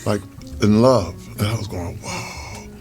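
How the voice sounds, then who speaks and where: A man's voice: medium pitch, animated, moderate pace, music in the background. A man being interviewed over a meal, telling earnest, reflective stories. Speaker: interview guest.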